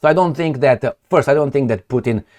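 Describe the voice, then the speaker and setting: A man's voice: medium pitch, fast talker, a little mellow. A man giving rambling, sarcastic political commentary on his own, swearing and laughing often.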